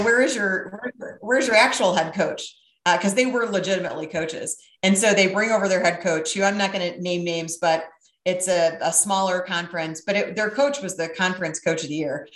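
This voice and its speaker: A middle-aged woman telling a brash, profane, animated story in casual chat. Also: fairly low pitch, roomy sound.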